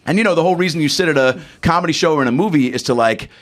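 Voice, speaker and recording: A man's voice: a little high, rapid-fire. A man, a comedian guest on a podcast, telling a rambling story full of fillers and side remarks. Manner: animated, rambling, lots of fillers.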